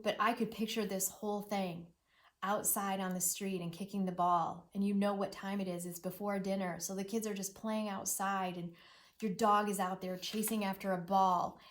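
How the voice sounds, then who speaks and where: A middle-aged woman teacher reading a children's novel aloud as a lesson. She talks expressively, repeats words in rhythm and drops to a hushed near-whisper at sad moments. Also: mid-range voice, fairly even intonation, moderate pace.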